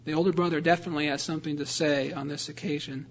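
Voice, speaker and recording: A man's voice: on the high side, steady tone, very fast, dull audio. A man preaching a sermon, explaining a scripture passage earnestly and reading verses aloud. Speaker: pastor.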